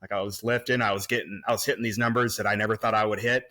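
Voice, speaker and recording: A man's voice: on the low side, flat delivery, racing, sharp tone. A man in his forties, a podcast guest recorded remotely, reminiscing casually with lots of fillers and restarts. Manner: rambling, many restarts and fillers.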